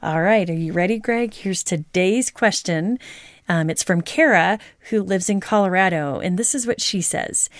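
A woman's voice: lowish voice, normal speed, no echo, clean studio sound. A woman co-hosting a marriage podcast with her husband, talking in an earnest, reflective way and laughing easily. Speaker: podcast co-host. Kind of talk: casual married-couple podcast chat.

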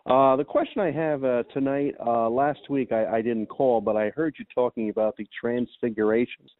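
A man's voice: mid-range voice, fairly even intonation, normal speed, dry recording. A man calling in with a Bible question, speaking tentatively and thinking aloud as he goes. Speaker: caller. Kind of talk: call-in question. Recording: tinny phone line.

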